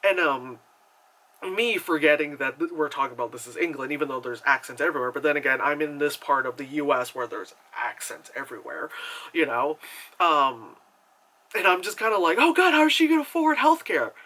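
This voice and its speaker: A man's voice: mid-range voice, a little fast. A man gives a casual movie review, rambling with lots of fillers and acting out the characters' lines. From New York. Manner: animated storyteller, acts out quotes. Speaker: film reviewer.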